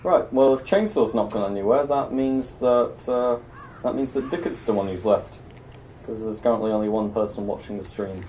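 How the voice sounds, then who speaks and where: A man's voice: lowish voice, normal speed, a little mellow, recorded from a distance, slight background noise. A young British man giving casual, sardonic commentary while streaming a game, muttering to himself and breaking into exasperated rants.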